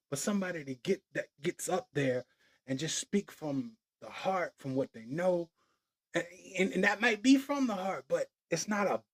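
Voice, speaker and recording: A man's voice: on the high side, fairly bright tone. A man hosts his own podcast. He talks loose and playful, drifting into little rhymes and easy chuckles. It's a casual solo monologue. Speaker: podcast host.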